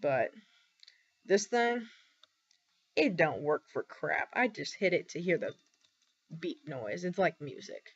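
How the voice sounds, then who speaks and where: A young woman talking candidly in a personal vlog, halting often with ums and pauses. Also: deep voice, very animated. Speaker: vlogger. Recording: dull lo-fi recording.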